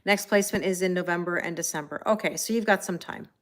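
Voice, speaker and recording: A woman's voice: fairly low pitch, fast. Chatty middle-aged woman reading tarot live. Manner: chatty, greets viewers by name, many fillers and light laughs. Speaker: tarot reader on a livestream. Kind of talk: live-stream casual chat.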